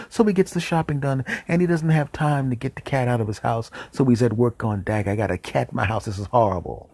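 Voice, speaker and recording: A man hosting a show, telling a comic story in an animated way with whispered deadpan asides. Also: mid-range voice, dry recording. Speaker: show host.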